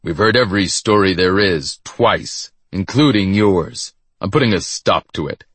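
A man's voice: low voice, unhurried, a bit bright, husky, no room sound, heavily acted. A man voicing a very tall, hostile male exterminator who guards his hunting ground in a storybook. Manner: sneering, irritable.

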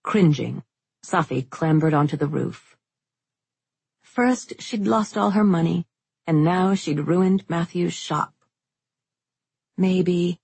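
A woman narrating a fantasy novel as an audiobook, in steady, unhurried storytelling. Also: lowish voice, creaky, slightly rough, dry recording.

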